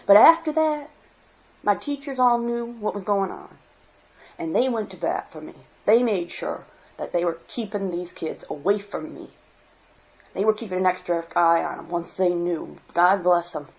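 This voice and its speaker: A woman's voice: on the low side, moderate pace, gravelly. A woman from Michigan giving a worked-up personal monologue as a vlogger, blunt and swearing freely. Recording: dull lo-fi home recording.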